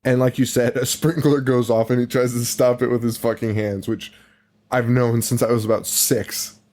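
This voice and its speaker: A man co-hosting a podcast, talking at a middle pitch in relaxed, casual chat. He recaps scenes with lively, swearing enthusiasm. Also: normal speed. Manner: animated, profane movie recapping. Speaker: podcast co-host.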